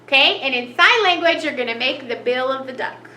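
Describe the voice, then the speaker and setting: Bright, animated woman teaching children. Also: high-pitched, fairly quick. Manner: cheerful, animated, gasps at each new picture. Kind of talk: children's lesson. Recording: echoey room, faint noise.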